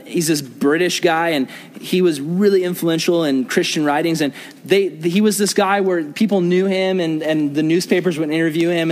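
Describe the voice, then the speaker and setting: High-voiced man preaching to youth. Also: long reverb tail. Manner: conversational, asks the group questions. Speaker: youth pastor. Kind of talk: sermon to a youth group.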